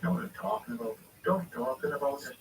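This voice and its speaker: Rambling host, distant noisy mic. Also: male voice, a little high, fast, gravelly. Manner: rambling, reads viewer questions aloud and answers them. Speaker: live-stream host. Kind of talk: casual match watchalong chat. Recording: distant mic with steady background noise.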